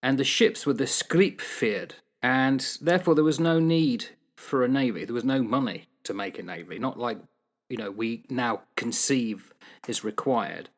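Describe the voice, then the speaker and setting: A man's voice: medium pitch, animated, unhurried. An older man, co-hosting a casual history chat in a chatty, jokey way. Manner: chatty, jokey, laughs often. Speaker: podcast co-host.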